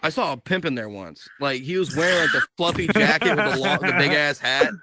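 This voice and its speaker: A young man telling a crude story in casual podcast chat, swearing often and animated. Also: on the high side, brisk, heavy background noise. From Ohio. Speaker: podcast co-host.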